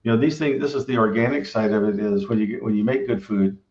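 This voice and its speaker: A man's voice: on the low side, steady tone, fast, darkish tone. A man who owns a barbecue restaurant gives rambling, casual advice and keeps tagging his sentences with "right?". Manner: rambling, filler-heavy, keeps asking "right?". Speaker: restaurant owner and pitmaster. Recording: roomy, dull lo-fi sound.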